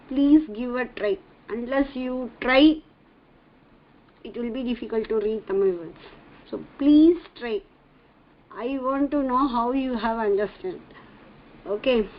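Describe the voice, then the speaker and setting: A woman teaching a Tamil reading lesson online, patiently sounding out words syllable by syllable. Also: high voice. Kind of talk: slow online language lesson. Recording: dull lo-fi online class audio.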